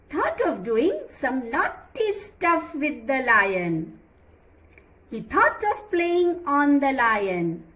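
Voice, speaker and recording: A woman teacher telling a children's story in an animated way, often asking the children questions. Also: sits high, a little hiss or hum.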